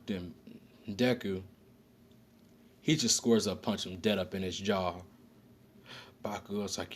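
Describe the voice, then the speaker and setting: A man's voice: low-pitched, steady tone, takes it slowly, long pauses, a little hiss or hum. A man casually telling an improvised story, rambling with slang, fillers and frequent self-corrections.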